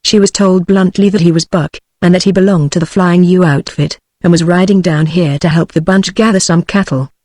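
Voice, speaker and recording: A synthetic female text-to-speech voice with a British English accent, reading a novel as an audiobook narrator in an even, measured way. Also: lowish voice, dry recording, studio quality. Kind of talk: scripted narration.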